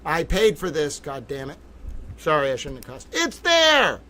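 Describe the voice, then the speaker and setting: A man hosting a livestream, talking in an excitable, theatrical way that swings from low muttering to loud outbursts. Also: normal speed, slight background noise. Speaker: livestream host. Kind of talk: livestream commentary.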